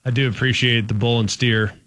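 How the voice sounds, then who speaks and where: A man's voice: medium pitch, fairly even intonation, fairly quick, fairly bright tone, no echo. A man from Dallas-Fort Worth, co-hosting a sports talk show and making emphatic, folksy points, often repeating phrases. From Dallas-Fort Worth, Texas. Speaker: sports radio co-host.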